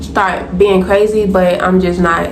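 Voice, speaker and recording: A young woman telling a storytime vlog to her viewers, animated, blunt and profane, often calling them y'all. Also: fairly low pitch, unhurried, echoey room, noisy background. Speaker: storytime vlogger. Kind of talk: casual storytime to camera.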